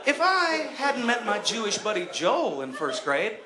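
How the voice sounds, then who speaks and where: A man from Tennessee with a Southern accent doing a profane, animated stand-up routine on a theatre stage. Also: high voice, measured pace, reverberant, crowd noise. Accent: Southern American. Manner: animated, profane, acts out voices. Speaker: stand-up comedian.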